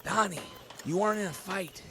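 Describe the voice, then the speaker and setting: A man's voice: high voice, fairly quick, vocal fry, bright, forceful tone, a little hiss or hum, pitched above the performer's own voice, exaggerated voice. A man voicing a laid-back male buddy who drawls and keeps saying "man" in a comedy sketch. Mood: calm. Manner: drawling, calls everyone man.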